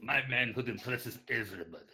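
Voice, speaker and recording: A man's voice: mid-range voice, bright, forceful tone, voice pushed up. A man voicing a boastful Russian comrade in a heavy put-on Russian accent, stretching his words grandly. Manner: grandiose bragging, drawn-out words.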